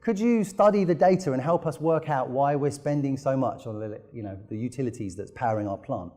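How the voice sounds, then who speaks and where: A man voicing an exasperated Australian paper mill manager who calls up about high bills, speaking in a put-on Australian accent with a raised voice. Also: brisk, warm tone, lightly acted.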